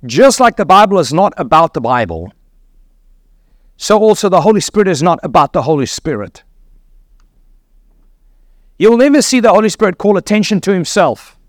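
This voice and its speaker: A man's voice: sits high, big pitch swings, normal speed, long pauses, no echo, clean studio sound. A man preaching a sermon, teaching earnestly and asking his listeners rhetorical questions.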